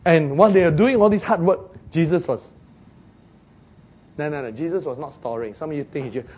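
A man preaching a sermon as pastor, telling the story in an animated way, acting out the quoted voices and chuckling at his own jokes. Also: a little high, a little hiss or hum.

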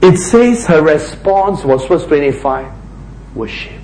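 Slow, animated male preacher in echoey hall. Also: a little high, slight background noise. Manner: emphatic, animated preaching with dramatic quoted lines. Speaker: pastor. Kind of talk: sermon.

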